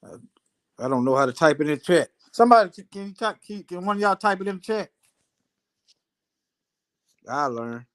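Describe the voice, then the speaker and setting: Man, high-pitched, scripture study leader, slow deliberate reading, casual asides, speaking into a phone. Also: lively intonation. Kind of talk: reading scripture aloud with commentary.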